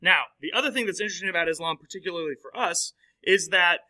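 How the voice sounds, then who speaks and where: A man lecturing in a classroom with a very bright, forward voice pitched a little high. He talks in a loose, conversational way, with lots of fillers and check-ins with his students. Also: fast, rough recording. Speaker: teacher.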